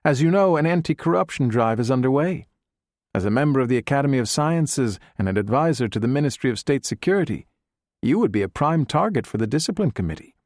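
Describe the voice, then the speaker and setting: A man voicing a calm young male agent who speaks in American English, quiet, firm and smoothly persuasive. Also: mid-range voice, quick pace, dry recording, studio quality, lightly acted. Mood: quietly firm.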